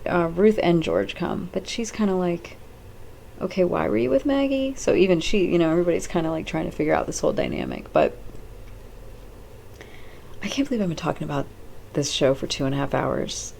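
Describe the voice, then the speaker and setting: A woman's voice: deep voice, a little fast, creaky, a little mellow, slight background noise. A woman hosting her own video, rambling off the cuff and acting out characters' lines, blunt and swearing casually. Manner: rambling, chatty, acts out characters' lines with "she's like". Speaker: host.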